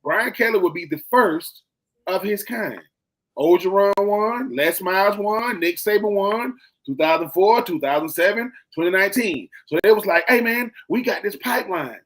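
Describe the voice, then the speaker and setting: A young man talks sports with a noticeably high voice. He is emphatic and animated, hammering points by repeating them. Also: normal speed. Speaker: co-host. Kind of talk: sports talk radio chat.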